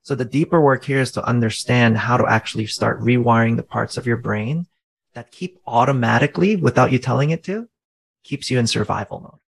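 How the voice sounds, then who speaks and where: Gravelly-voiced man explaining earnestly. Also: medium pitch, brisk, rough recording. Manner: earnest, teacherly, asks rhetorical questions. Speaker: faith-based coach. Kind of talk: conversational explaining.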